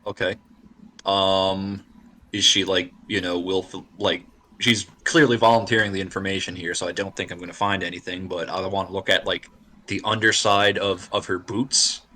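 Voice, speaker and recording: A man's voice: sits low, little pitch movement, normal speed, bright, forceful tone. A man playing a tabletop game, hesitant and full of fillers. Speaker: player. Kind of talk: tabletop role-play chat.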